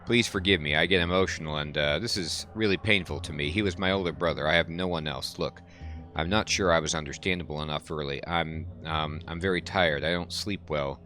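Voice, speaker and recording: A man's voice: rumbling low, pushed and bright, soft background music. Lennox, a man reading as a grieving, exhausted brother. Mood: distraught. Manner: halting, emotional, read-aloud dialogue. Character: grieving, exhausted, tipsy man seeking truth about his brother.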